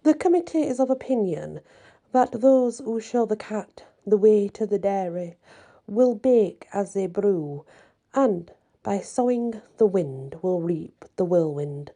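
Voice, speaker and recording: A woman's voice: medium pitch, animated, measured pace, mellow. A woman doing a preachy sprite chairman. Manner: preachy, moralizing. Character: solemn male sprite committee chairman.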